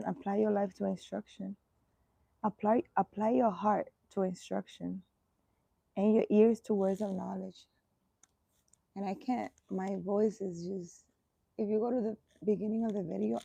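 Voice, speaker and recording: Casual outdoor live chat: woman healer, gravelly dark tone, throat irritated, replies to viewers at an easy pace. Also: medium pitch, dry recording. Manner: answers viewer comments aloud, relaxed and unhurried. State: irritated throat, voice keeps catching. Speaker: energy healer. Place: outdoors in the sun, birds around.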